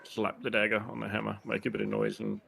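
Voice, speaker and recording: Gravelly low-voiced man playing a tabletop game. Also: completely flat delivery, quick pace, bright, forceful tone. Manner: laid-back, hesitant. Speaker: player.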